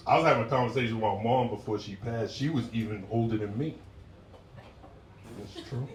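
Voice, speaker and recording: A man's voice: medium pitch, a little fast. A male stand-up comedian doing a profane set with crowd work, breaking into acted voices. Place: live comedy show with passersby nearby. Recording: roomy live sound from a distant mic with audience.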